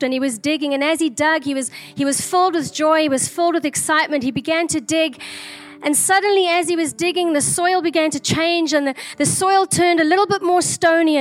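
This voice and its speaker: A woman earnestly sharing a prophetic vision as a flowing, repetitive story. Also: extremely high pitch. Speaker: prophetic speaker.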